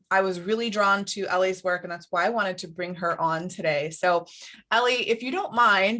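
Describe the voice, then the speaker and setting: A woman's voice: medium pitch, fairly bright tone. A woman hosting a podcast interview, talking in an enthusiastic, effusive way. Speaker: podcast host.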